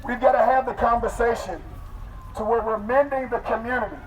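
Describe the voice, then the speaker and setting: A man leading a street protest crowd in call-and-response chants, rousing and loud. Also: extremely high pitch, fairly even intonation, a little fast. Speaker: protest leader. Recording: outdoor crowd and street noise.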